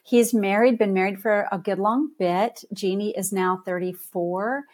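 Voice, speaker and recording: A middle-aged woman, a guest author, telling a lively story in a podcast interview and laughing easily. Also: medium pitch, a little slow.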